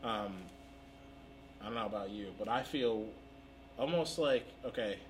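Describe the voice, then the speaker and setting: A man's voice: lowish voice, unhurried. Chatty candid guy talking shop, restarts a lot, swears a bit, faint background hum. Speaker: podcast co-host, café owner. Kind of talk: casual chat. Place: their café storefront.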